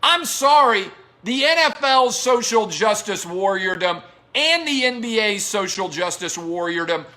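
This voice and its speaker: A man's voice: high-pitched, expressive, unhurried, bright, forceful tone. Heated, sarcastic male show host. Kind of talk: sports opinion commentary.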